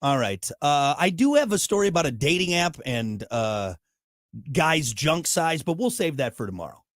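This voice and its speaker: A man's voice: a little high, sing-song, moderate pace, no room sound, studio quality. A man hosting a morning radio show, rambling and joking in casual banter with a co-host. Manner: rambling, joking, self-mocking.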